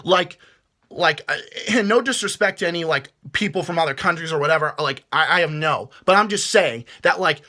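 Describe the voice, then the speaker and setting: Fired-up guy swearing through a vlog rant, keeps tripping over his words, sharp strained tone. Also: a little high, lively intonation, fairly quick. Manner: heated, profane, stumbling over restarts. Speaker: vlogger. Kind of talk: angry rant.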